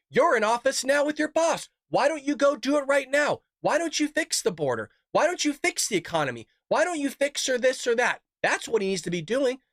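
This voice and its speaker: A man hosting a live political reaction show, ranting heatedly and swearing as he shouts his frustration. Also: very high voice, dry recording, studio quality. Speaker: political commentary host.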